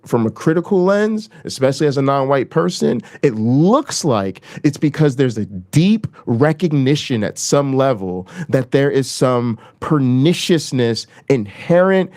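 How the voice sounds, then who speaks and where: A man hosting his own channel, delivering a heated, profane political rant and repeating lines for emphasis. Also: a little mellow. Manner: swings between raised emphasis and low, dropped delivery. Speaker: channel host. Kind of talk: impassioned political rant to camera.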